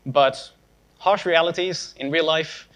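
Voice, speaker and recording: A man's voice: fairly high pitch, takes it slowly, a bit bright. A young man giving a conference tech talk, casual and sarcastic with joking asides. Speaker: conference speaker.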